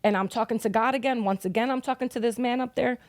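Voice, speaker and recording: As a guest on a podcast, a young mother recounts the loss of her son in raw, profanity-heavy storytelling. She talks fast in a slightly high voice with fairly even intonation, and the recording has no room sound.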